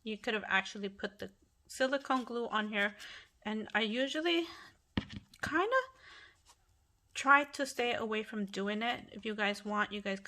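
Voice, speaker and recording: A woman's voice: fairly high pitch, expressive, normal speed, pauses often, bright, forceful tone. A middle-aged woman hosting a casual craft tutorial at home, chatty and apologetic, often restarting her sentences. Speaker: craft channel host.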